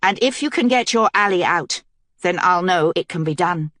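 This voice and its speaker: A woman's voice: on the low side, lively intonation, normal speed, fairly bright tone, dry recording, clean studio sound. A woman voicing a determined young queen in an audiobook, speaking earnestly and with command.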